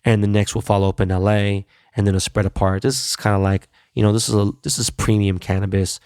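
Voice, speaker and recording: A man's voice: fairly low pitch, level tone, quick pace, a little mellow, clean tone, dry recording, clean studio sound. A man hosting his podcast in a casual solo wrap-up, talking loose, blunt and profane with laid-back slang. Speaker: podcast host.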